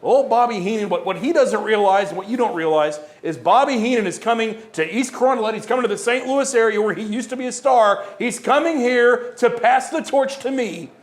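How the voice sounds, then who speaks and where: A man's voice: extremely high pitch, fairly quick, few pauses. A man speaking as a wrestling manager, cutting a smug, self-important promo in an echoey room. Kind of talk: boastful heel wrestling promo.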